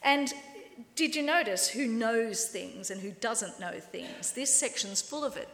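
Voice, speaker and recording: A woman delivers a lively sermon with a wry, playful edge, slipping into quoted voices. Her voice sits a little high. It echoes around a large hall with a long reverb tail. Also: unhurried. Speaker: preacher.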